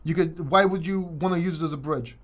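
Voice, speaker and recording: Male host, high voice, loose rambling livestream Q&A delivery with lots of restarts. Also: fairly quick. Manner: casual, rambling, frequent restarts. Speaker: crypto channel host.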